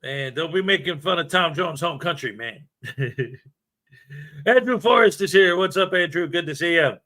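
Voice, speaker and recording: Bright, chatty male livestream host. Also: a little high, expressive, moderate pace. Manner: chatty, jokey, greets viewers by name. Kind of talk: casual live-stream chat.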